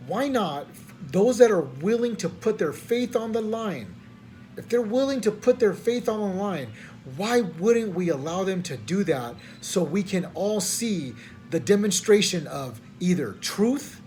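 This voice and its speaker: A man's voice: high voice, animated, a little slow, dark tone, soft background music. A man, a preacher venting late at night in rambling, slangy talk full of stammered restarts and frustration. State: tired at night.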